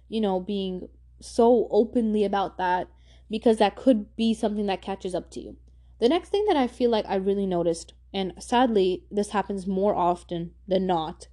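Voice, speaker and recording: A young woman hosts a casual advice podcast. She talks in a slangy, emphatic way and repeats her points for stress. Her voice is warm and mellow. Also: medium pitch. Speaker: podcast host.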